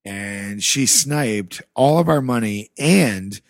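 A man from the American Rust Belt tells a story in a loose, casual way and swears freely. He acts out both sides of old conversations as he goes. His voice sits at an average pitch and is picked up on a close, dry mic. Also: lively intonation, slow pace, gravelly, dry recording. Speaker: podcast guest.

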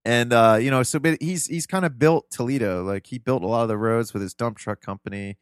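Guy from ohio on a podcast, smooth clean voice, dry close sound, rambly and earnest. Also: mid-range voice, a little fast, no echo. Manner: earnest, reminiscing, loose and rambling. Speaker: podcast guest. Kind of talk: casual interview storytelling.

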